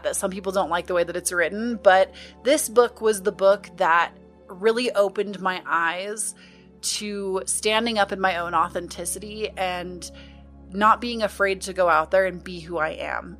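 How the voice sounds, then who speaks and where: A young woman hosts her podcast in a relaxed sit-down chat at a medium pitch. She talks earnestly and from the heart, giving warm-hearted encouragement. Faint music plays behind her. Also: normal speed. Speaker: podcast host.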